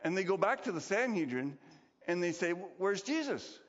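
A male pastor giving a conversational sermon, animated and lively, often acting out what people say. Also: sits high, fairly quick. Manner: animated, conversational, acts out quotes. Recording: dull recording, long hall reverb.

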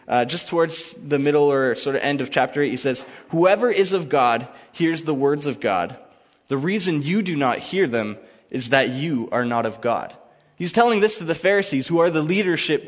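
Man preaching in a reverberant hall. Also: fairly high pitch. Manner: conversational, paraphrases dialogue casually. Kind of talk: sermon with scripture reading. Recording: dull lo-fi sound with long reverb.

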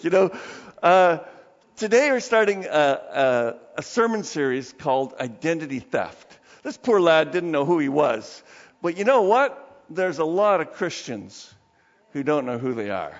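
A man preaching a sermon as pastor, praying softly and slowly, then telling stories with lively emphasis. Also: fairly high pitch. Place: church sanctuary. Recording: dull sound with long reverb of a church hall.

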